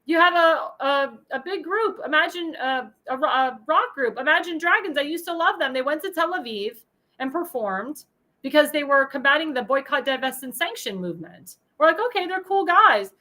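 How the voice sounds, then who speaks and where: A heated woman talk show host with a high, bright voice that jumps all over the place. She rants in a political monologue, hurling insults and breaking into angry shouts. Her tone stays sharp and agitated throughout. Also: expressive, normal speed, rough recording. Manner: shouts in bursts of anger.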